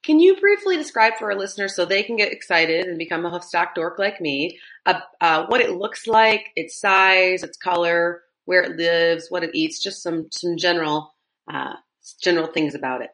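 A woman's voice: fairly low pitch, expressive, normal speed, a bit bright. A woman with a Midwestern American accent hosting a podcast interview, asking rambling, enthusiastic questions. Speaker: podcast host. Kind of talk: casual interview chat.

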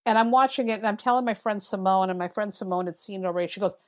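A woman's voice: mid-range voice, racing. A middle-aged woman, a tarot reader, chatting casually on a podcast and acting out her own remarks as she tells stories. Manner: animated storyteller, acts out her own quotes.

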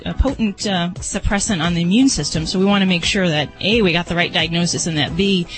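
A man's voice: high-pitched, fairly quick, a bit bright, soft background music, low-quality recording. A man acting as a veterinarian co-host, explaining advice to a caller in a methodical way with frequent ums. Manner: methodical, many fillers.

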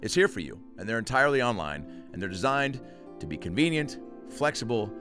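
A man's voice: lowish voice, lively intonation, brisk, bright, forceful tone, faint music behind. A man hosting a comedy podcast, chatting casually and rambling in a jokey way, also doing an ad read. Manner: rambling, jokey, lots of fillers.

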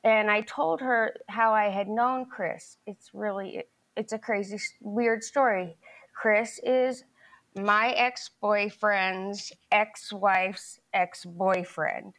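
A woman's voice: medium pitch, steady tone, slow pace, fairly bright tone. A middle-aged woman, the plaintiff in a small claims case, telling her story in a rambling way full of restarts and quoted dialogue. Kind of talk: testimony in a televised courtroom.

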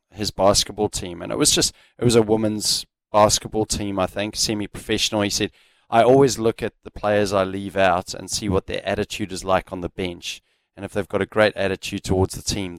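A man co-hosting a sports radio show, reflective and quick to laugh. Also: lowish voice, steady tone, smooth, no room sound, rough recording. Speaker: radio co-host. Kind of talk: casual sports radio chat.

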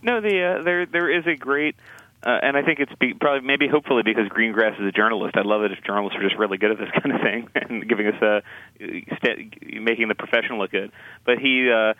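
A man co-hosting a casual film review chat, talking in halting, restarting sentences with wry asides. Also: mid-range voice, steady tone, no room sound. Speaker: film critic co-host. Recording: tinny phone-like line, dry.

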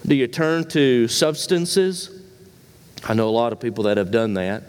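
A man preaching a sermon as pastor, asking rhetorical questions and swinging between emphatic high lines and quiet low ones. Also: animated, moderate pace, smooth, in a large hall.

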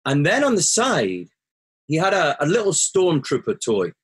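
A man with a somewhat high, breathy and husky voice tells a personal story as a guest. He speaks earnestly and reflectively. When he quotes what he said or thought, his voice leaps sharply upward. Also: wildly swooping pitch, moderate pace. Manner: earnest, rises sharply when quoting himself.

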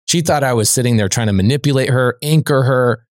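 A man, a podcast guest, telling a personal anecdote in a lively, conversational way, dropping "like" as a filler. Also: medium pitch, fairly quick, no echo, studio quality. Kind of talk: storytelling anecdote.

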